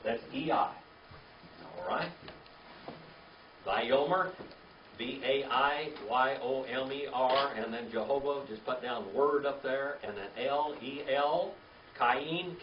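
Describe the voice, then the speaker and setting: A man's voice: medium pitch, takes it slowly, slight background noise. Man drilling Hebrew words with a class. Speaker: Bible teacher. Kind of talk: Bible class teaching with call-and-response. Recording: roomy, distant, dull lo-fi sound.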